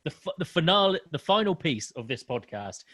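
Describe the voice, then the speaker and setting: Lively-voiced male podcast host. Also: on the high side, brisk, dry recording. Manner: chatty, laughs often, rounds things up with scores. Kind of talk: casual podcast chat.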